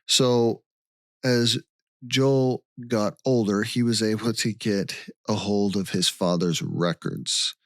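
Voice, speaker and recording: A man's voice: lowish voice, takes it slowly, dry recording, clean studio sound. A man co-hosting a podcast, casually retelling a case from his notes. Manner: relaxed storytelling from notes. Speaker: podcast co-host. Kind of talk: casual chat recapping a case.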